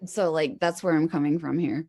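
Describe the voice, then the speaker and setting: A woman's voice: low-pitched, steady tone, normal speed, dark tone, no room sound. A young woman from the American South, an interview guest, talking candidly and rambling, full of "like" and casual swearing. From Huntsville, Alabama, US. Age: young adult. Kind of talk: casual chat.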